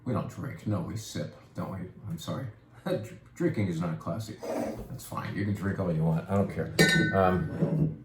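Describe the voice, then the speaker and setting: A man's voice: low voice, normal speed, background noise. A man hosting a casual wine presentation, chatty and playful with self-deprecating asides. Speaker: wine shop host. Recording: echoey room with faint ambience.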